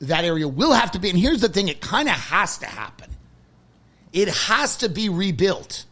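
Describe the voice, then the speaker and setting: A man, a comedian guesting on a podcast, riffing in casual chat with a sardonic, animated delivery. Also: sits high, moderate pace.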